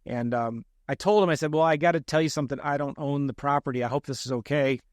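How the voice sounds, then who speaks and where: A man's voice: mid-range voice, fast, no echo, clean studio sound. A man, a real estate investor, telling a story in a podcast interview, self-deprecating and acting out the lines he quotes.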